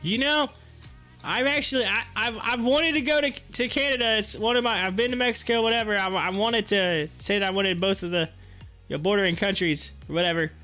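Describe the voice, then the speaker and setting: A man's voice: sits high, fairly even intonation, fairly quick, sharp tone, soft background music. A man hosting a live stream, rambling through casual stories and viewer comments and laughing often. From United States. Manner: rambling storyteller, laughs often, repeats himself.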